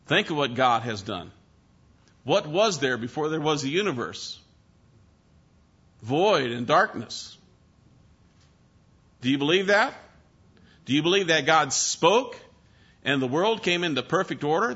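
Man, preacher, sermon, emphatic, repeats phrases, bright voice, muffled recording. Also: medium pitch. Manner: emphatic, repeats key phrases, asks the listeners questions. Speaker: pastor.

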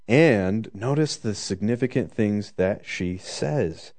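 A man preaching a conversational sermon, joking in asides and slowing down to stress the scripture. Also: on the low side, darkish tone.

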